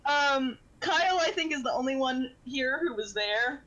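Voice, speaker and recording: A woman's voice: sits high, expressive, moderate pace, sharp tone, poor audio. A woman playing in an online tabletop game, chatting casually and giggling through her stories. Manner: giggly, tells stories through fits of laughter. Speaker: player.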